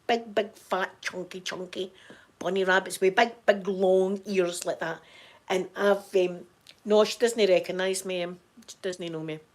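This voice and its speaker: Hoarse, halting Scottish woman. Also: medium pitch, fairly even intonation. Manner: halting, repeats words and restarts often. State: hoarse from crying. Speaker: vlogger talking to viewers. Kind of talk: casual chat.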